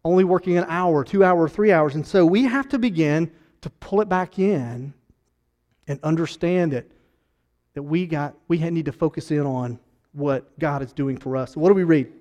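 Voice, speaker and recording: Male pastor, high voice, preaching with big loud-to-hushed swings. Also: moderate pace. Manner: swings between loud emphatic rises and soft hushed drops. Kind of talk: sermon.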